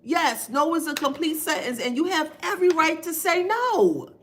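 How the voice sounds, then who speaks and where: A woman's voice: high-pitched, very animated, moderate pace. A woman giving a casual spiritual reading on a live stream, emphatic and repetitive, thanking viewers by name. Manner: emphatic, repeats phrases, reads viewer names aloud.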